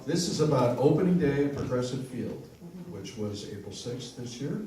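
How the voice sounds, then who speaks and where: A man's voice: medium pitch, lively intonation, normal speed, crowd noise. A man, a guest comedian, telling a story joke to a live audience and acting out the characters' voices. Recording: echoey live room from far off with faint noise.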